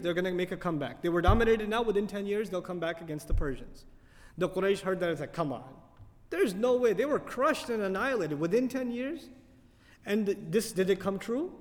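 A man with a high voice teaches a tafsir lecture to his audience. He talks fast and with animation, often asking them questions. The recording has the long reverb of a hall. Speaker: Quran teacher.

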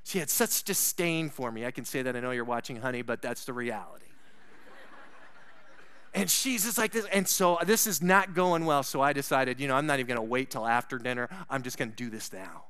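A man preaching a sermon, telling a personal story with asides to the congregation and swinging from loud to hushed. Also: medium pitch, clean tone, no echo. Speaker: pastor.

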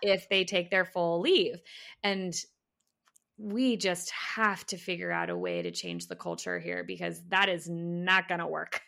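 A woman's voice: lowish voice, expressive, measured pace, vocal fry, bright, forceful tone. A woman in her thirties, a podcast guest talking casually in an upbeat, chatty way with lots of "like". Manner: upbeat, chatty, says "like" often. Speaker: podcast guest, parental leave consultant. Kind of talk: casual chat.

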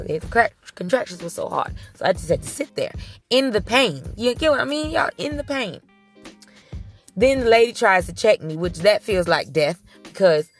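A young adult woman telling her viewers a story in a casual, emphatic way, talking straight to them. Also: lowish voice. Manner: emphatic and animated, talks straight to the audience.

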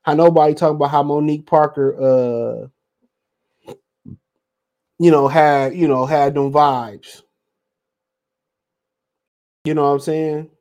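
A man's voice: on the high side, steady tone, slow pace, long pauses, a little mellow. Laid-back slangy man podcasting. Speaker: podcast host. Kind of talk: casual solo podcast talk, reading listener comments.

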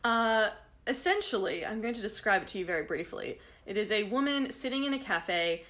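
A woman co-hosts a podcast in a mid-range voice, talking fairly quickly. She chats casually and tells animated stories, laughing often.

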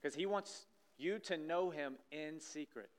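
A man preaching a sermon in a church, acting out scripture scenes with lively energy. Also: a little high, a little slow. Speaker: pastor. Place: church sanctuary stage.

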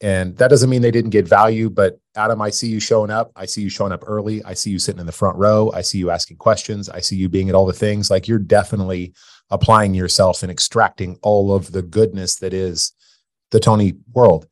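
A man's voice: lowish voice, fairly even intonation, brisk, no echo, studio quality. A man hosting a podcast, talking with his guest in a casual, encouraging way. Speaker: podcast host. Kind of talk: casual interview chat.

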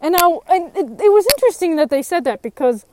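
A young woman with a high voice talks frankly about her own recovery. She is emotional and gets louder when frustrated. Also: animated, fast talker, a little hiss or hum. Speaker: person in recovery sharing her story. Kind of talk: personal testimony.

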